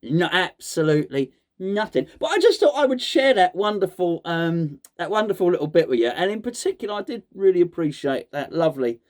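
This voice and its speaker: A man's voice: high-pitched, sing-song, brisk, hardly any pauses. A man hosting a casual chat, mock-serious and joking, often stumbling and repeating words. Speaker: host.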